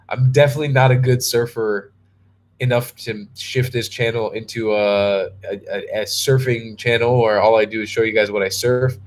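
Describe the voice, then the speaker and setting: A tired young man casually chatting on a live stream, rambling and restarting as he answers viewer comments. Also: mid-range voice. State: tired and yawning. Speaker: travel vlogger answering live chat.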